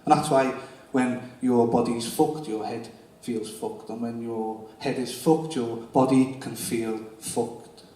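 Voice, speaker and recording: A man performs slow, intense spoken-word poetry in a dark, mellow voice, taking his time. The sound is very echoey and distant, as if from across a large room. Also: medium pitch, steady tone, a little hiss or hum. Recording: very echoey hall from afar.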